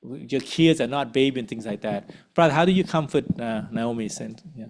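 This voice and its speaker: Male workshop leader, mid-pitched, chatty and relaxed, checks in with listeners, church group setting. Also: a little fast. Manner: conversational, frequent tag questions. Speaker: uncle.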